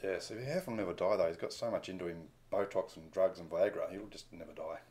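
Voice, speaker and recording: A man's voice: low-pitched, fast, darkish tone. A man co-hosting a podcast, reading news items aloud in a dry, mock-dramatic way. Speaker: podcast co-host.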